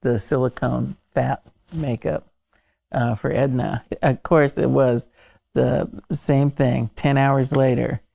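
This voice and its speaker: Gravelly-voiced woman telling set stories. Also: very deep voice, steady tone, takes it slowly, dark tone. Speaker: makeup artist, panel guest. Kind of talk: casual panel chat.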